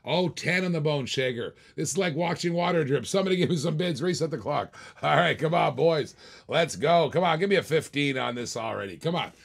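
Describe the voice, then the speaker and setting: A man's voice: a little high, lively intonation, fairly quick, creaky. A man hosting a live toy car auction, joking and urging bidders on, a little short of breath.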